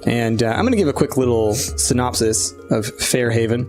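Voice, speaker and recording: A game master narrating a tabletop game in a relaxed way, hesitating with fillers. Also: mid-range voice, moderate pace, music in the background.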